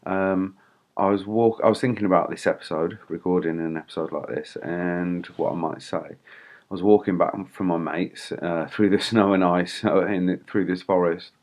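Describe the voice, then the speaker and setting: A man's voice: deep voice, fairly even intonation, moderate pace, darkish tone. A man vlogging in a rambling, indignant way, swearing and laughing wryly between fillers. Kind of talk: casual ranting monologue.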